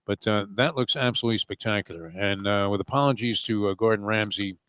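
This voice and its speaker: A man's voice: lowish voice, quick pace, fairly bright tone, smooth, no room sound, clean studio sound. A man co-hosting, teasing his partner with stammering restarts in casual chat. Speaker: co-host.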